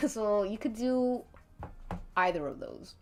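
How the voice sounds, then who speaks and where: A woman's voice: medium pitch, takes it slowly, a little mellow. A woman narrating a tabletop game as game master on a live stream, chatty and laughing often. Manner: giggly, chatty.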